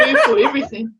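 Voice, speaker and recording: A woman's voice: extremely high pitch, pushed and bright, slight background noise, rough recording. A young woman chatting casually with her brother and a friend, giggly and enthusiastic. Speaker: guest, host's sister. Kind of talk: casual chat with family.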